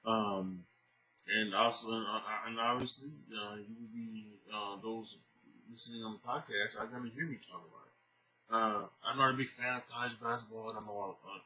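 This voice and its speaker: A man's voice: on the low side, pushed and bright, rough recording. A tired man hosting a casual solo sports podcast, rambling through his picks with many fillers and restarts. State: tired, sleepy. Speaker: podcast host.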